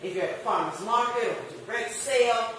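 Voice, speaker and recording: Female instructor, lively classroom lecture, distant mic, heavy room echo, faint background hiss. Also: fairly high pitch, fairly quick. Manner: lively, questions the class and acts out customer exchanges. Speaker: marketing instructor. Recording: echoey room picked up from a distance.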